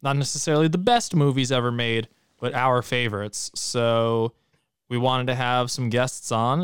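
A man co-hosting a podcast with a smooth, resonant voice, recorded dry and close. He jokes around irreverently and swears casually. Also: medium pitch, a bit bright, no room sound. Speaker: podcast co-host.

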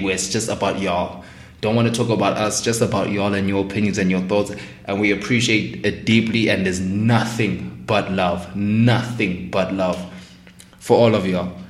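A man's voice: lowish voice, echoey room. A man hosting a podcast in casual, slangy chat, laughing often. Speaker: podcast host.

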